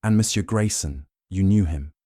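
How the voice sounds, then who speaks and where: A man voicing a brilliant, fastidious detective who questions suspects gently and precisely. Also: low voice, no echo, clean studio sound. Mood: probing.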